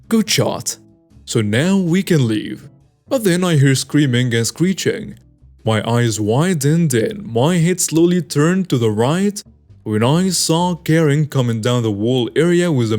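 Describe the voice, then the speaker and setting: A man's voice: medium pitch, darkish tone. A man narrating a reader's story in a sassy, conversational way, with background music under his voice.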